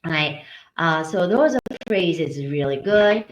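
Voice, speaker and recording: Woman teacher, lively pitch, slow and patient, repeats phrases, echoey room. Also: a little hiss or hum. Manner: explains slowly, repeats phrases for practice. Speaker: language and culture teacher. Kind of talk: casual instructional video.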